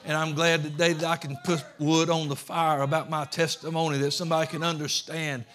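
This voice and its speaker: A man's voice: a little high, flat delivery, fairly quick, a bit bright. A middle-aged man with a Georgia Southern accent preaching a sermon in an earnest, folksy way, often repeating words.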